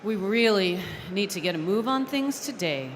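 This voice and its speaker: A woman chairing a large convention from the podium, keeping a noisy crowd in order with a firm, brisk manner. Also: mid-range voice, lively intonation. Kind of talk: running a convention floor. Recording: long hall reverb.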